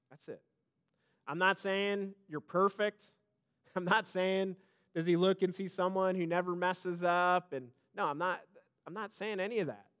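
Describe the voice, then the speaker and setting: Bright, high-voiced emphatic male pastor. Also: clean tone. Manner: emphatic, building to loud high peaks then dropping soft; repeats words, addresses the congregation directly. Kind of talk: sermon.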